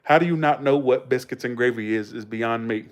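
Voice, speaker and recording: A man's voice: medium pitch, fairly quick. An American man hosting a livestream in a casual chat, rambling through anecdotes with lots of fillers. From United States. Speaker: livestream host.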